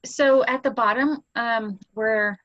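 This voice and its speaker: A woman's voice: a little high, steady tone, slow, muffled recording. A woman taking part in a class, chatting about how she handles the same task. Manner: conversational, shares her own practice. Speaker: class participant. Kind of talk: chiming in during a class.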